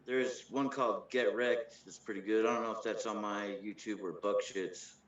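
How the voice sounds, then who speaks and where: A man's voice: on the low side, steady tone, moderate pace, a bit bright, roomy sound, highs cut off. A man guest on a casual podcast chat, laughing often, cursing and plugging his music. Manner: laughing, profane, self-promoting. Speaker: rapper guest.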